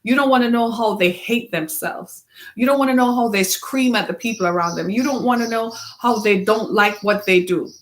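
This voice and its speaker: A woman's voice: fairly high pitch, normal speed. Earnest woman host, preacher-like. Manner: earnest, preacher-like, asks the listener questions. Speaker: web series host. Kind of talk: motivational talk to camera.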